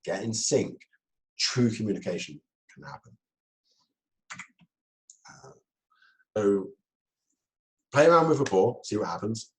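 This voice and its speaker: A man with a somewhat low voice gives a talk on communication. He keeps it lively, breaking into laughter and acting out short quoted exchanges to make his points. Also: unhurried, long pauses, poor audio. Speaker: speaker.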